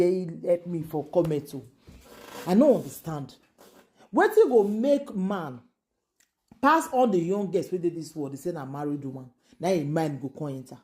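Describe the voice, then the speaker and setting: A woman's voice: fairly low pitch, mellow. A woman from Nigeria with a Nigerian Pidgin accent, hosting a casual gossip show in an exclaiming, repetitive, incredulous way.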